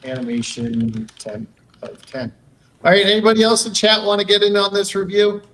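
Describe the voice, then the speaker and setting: A man's voice: high voice, brisk, fairly bright tone, poor audio. A young man hosting a casual live stream, joking loosely and reading chat aloud as he clicks around. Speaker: streamer and host.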